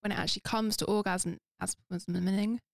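A woman co-hosting a casual podcast, speaking openly and laughing easily. Her voice sits at a middle pitch. It is recorded close and dry, with no room echo. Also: steady tone, fairly quick, gravelly. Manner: frank, laughs often. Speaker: podcast co-host. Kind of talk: casual couple's chat.

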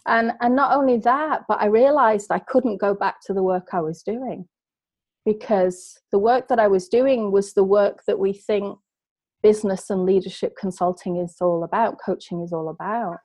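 A business coach in middle age, invited as a guest, relates something from her own life in a heartfelt, earnest, emotional retelling. Her voice is medium in pitch and a little mellow, moving at a normal speed with no echo.

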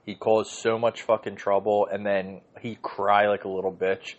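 A man hosting his own podcast. He rants in a rambling, profane way, full of fillers and throat-clearing. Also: fairly low pitch, flat delivery, normal speed, lo-fi sound. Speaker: podcast host. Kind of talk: ranting casual monologue.

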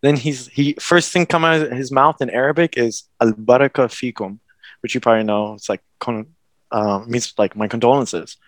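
A man's voice: medium pitch, moderate pace, fairly bright tone, no echo. A young man, probably in his twenties, telling a personal story in casual conversation, rambling with restarts and nervous laughs. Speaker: guest.

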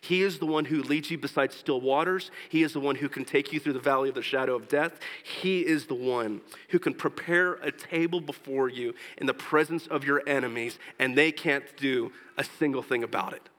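A man preaching a sermon as pastor, earnest, slowing down for scripture and rising in pitch and force when he exhorts. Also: fairly bright tone, long reverb tail, low-quality recording. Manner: slows down for scripture and tender points.

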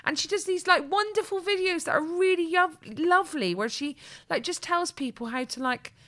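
A woman chatting casually as a podcast co-host, telling animated stories with restarts and stammers. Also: very high-pitched, moderate pace. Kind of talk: casual chat.

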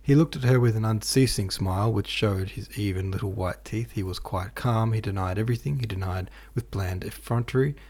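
A man reading a classic novel aloud as an audiobook narrator, with a measured, even delivery. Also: fairly low pitch, slightly rough. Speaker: podcast host and audiobook reader.

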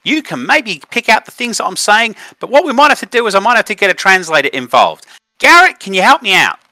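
A man hosting a relaxed podcast, talking in loose, rambling runs that stop, restart and correct themselves. His voice is bright and forward, and the sound is close and dry with no room around it. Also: sits high, quick pace, no echo. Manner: rambling, self-correcting, often laughing. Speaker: podcast host. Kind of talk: casual chat.

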